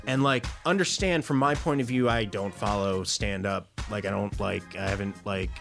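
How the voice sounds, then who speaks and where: A young man with a low-pitched voice co-hosts a comedy movie podcast, thinking out loud. His tone is bright and forceful, with fillers and false starts, and faint music sits behind him. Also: normal speed, vocal fry. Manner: rambling, animated, frequent fillers and restarts. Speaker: podcast co-host.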